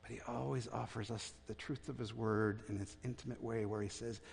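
Pastor preaching in a reverberant hall. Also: male voice, medium pitch, little pitch movement, brisk, gravelly, slight background noise. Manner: conversational, drops to a hushed voice for tender points. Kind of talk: sermon.

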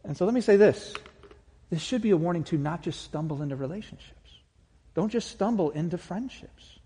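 A man's voice: sits high, a little mellow, slightly rough. A man preaching a sermon as pastor in a church, earnest and conversational with touches of humor. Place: church sanctuary. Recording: reverberant church hall.

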